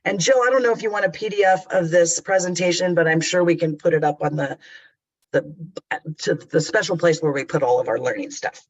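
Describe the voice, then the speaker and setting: A man's voice: on the high side, fairly quick, rough recording. A middle-aged man giving a customer service training webinar in a chatty, candid, conversational way over a computer mic. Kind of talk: webinar presentation.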